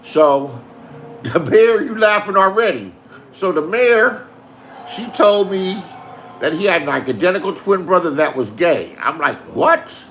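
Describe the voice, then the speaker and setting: A man's voice: high-pitched, animated, normal speed, a bit bright, a little hiss or hum. A man telling a profane story in a boastful rant, swearing and insisting that what he says is the truth. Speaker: online show host.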